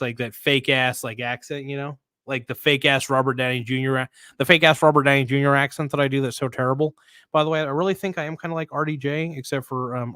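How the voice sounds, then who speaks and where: A man's voice: medium pitch, fairly bright tone, no room sound, clean studio sound. A man hosting a casual livestream, talking bluntly with slang and swearing, reading viewer comments aloud and rambling through restarts. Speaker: livestream host.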